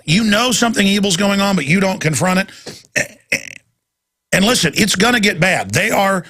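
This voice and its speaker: A man's voice: high voice, expressive, normal speed, pauses often, pushed and bright. A man hosting a talk radio show, delivering an intense, emphatic, ranting monologue into a studio microphone.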